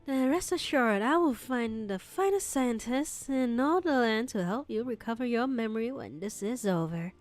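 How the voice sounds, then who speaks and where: A woman's voice: a little high, normal speed, hardly any pauses, soft background music, close to an everyday voice. A woman playing a formal young British-sounding heir. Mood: courteous. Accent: put-on British. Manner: courteous, formal, gently flattering. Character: polite formal wealthy young heir, man. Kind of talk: voice acting practice reading.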